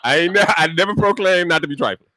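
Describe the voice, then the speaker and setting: A man's voice: high-pitched, quick pace, pushed and bright, no room sound. A man, co-hosting a podcast in casual chat, playful and teasing. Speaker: podcast co-host.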